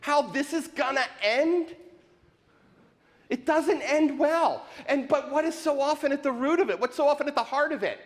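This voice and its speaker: High-voiced animated preacher in a sanctuary. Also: male voice, normal speed. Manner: animated, questioning, rhetorical repetition. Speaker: pastor. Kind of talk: sermon. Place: church sanctuary. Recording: live in a reverberant sanctuary.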